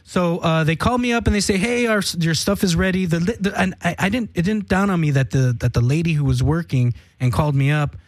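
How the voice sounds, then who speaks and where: Give me a young man with a fairly high voice in a dry, close recording, spinning a long, rambling story full of swearing and laughter. He keeps breaking into little acted-out quotes of what everyone said. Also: quick pace, hardly any pauses, no room sound. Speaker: band member telling a story on a podcast. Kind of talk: casual profane storytelling.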